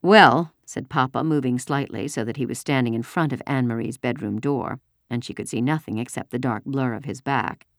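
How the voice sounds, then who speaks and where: A woman narrating a story in a steady, measured reading. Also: very deep voice, dry recording, studio quality.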